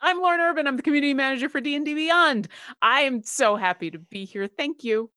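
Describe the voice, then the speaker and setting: Upbeat, higher-voiced woman player. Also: fast, sharp tone, no echo, studio quality. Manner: enthusiastic, laughing. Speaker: game player. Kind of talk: casual chat.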